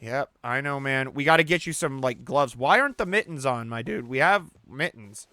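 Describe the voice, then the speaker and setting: Male let's-play host, casual commentary, excitable and profane, with a dry, close sound. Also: medium pitch, moderate pace, no echo. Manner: excitable, swears and shouts at misses; talks to the player character and the audience.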